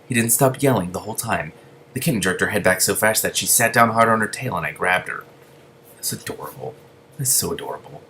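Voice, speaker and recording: Low-voiced man reading a novel aloud. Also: quick pace, bright, forceful tone, slight background noise. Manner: gushing asides between reading. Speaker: reader.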